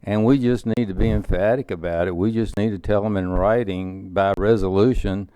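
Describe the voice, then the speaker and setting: Man, Southern accent, council member, emphatic, lowish voice, mellow tone. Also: steady tone, clear, resonant tone, dry recording. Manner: emphatic, measured. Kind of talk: council meeting remarks.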